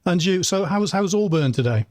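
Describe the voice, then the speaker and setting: Chatty podcast host, higher voice, dry. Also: male voice, expressive, normal speed, darkish tone, dry recording. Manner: chatty, rambling questions with fillers. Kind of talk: conversational interview.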